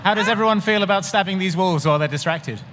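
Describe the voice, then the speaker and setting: A man's voice: sits high, fast talker, crowd noise. A man playing a tabletop game live on stage, making dry asides. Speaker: player. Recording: live hall reverb.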